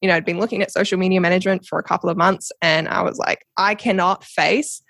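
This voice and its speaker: A young woman with a New Zealand accent, a podcast guest telling her story in a casual, animated way with frequent laughs. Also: lowish voice, very fast, gravelly, no room sound. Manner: animated, laughs often, acts out quoted voices.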